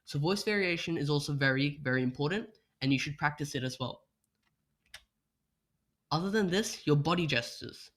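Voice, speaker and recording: A man's voice: on the high side, lively intonation, moderate pace, long pauses, fairly bright tone. A young man presenting a workshop on an online call, explaining speech practice with rhetorical questions and demonstrating voice changes. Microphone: computer mic without webcam.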